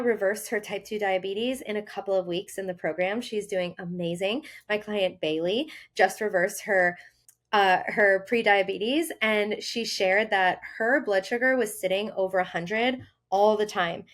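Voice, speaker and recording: A woman hosting a health podcast, talking earnestly in a casual monologue and acting out inner voices with sudden lifts in pitch. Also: fairly even intonation, unhurried, fairly bright tone. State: briefly tearful. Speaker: health coach and podcast host.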